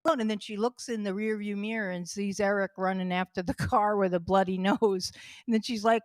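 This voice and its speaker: A woman's voice: mid-range voice, steady tone, moderate pace, no room sound. Chatty middle-aged woman telling funny stories. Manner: chatty, laughs through her own stories. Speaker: storyteller at a fundraising stream. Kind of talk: casual comic anecdotes.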